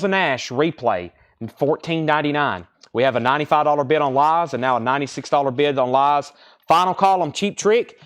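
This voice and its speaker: A man hosting a live record sale stream, chatting casually and rattling off prices, bids and condition notes. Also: medium pitch. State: out of breath.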